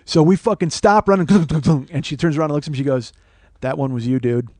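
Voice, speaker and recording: A man hosting a podcast, telling a comic personal story in a profane, animated, self-mocking way. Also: fairly high pitch, fairly quick, no room sound. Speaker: podcast host. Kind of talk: comedic storytelling monologue.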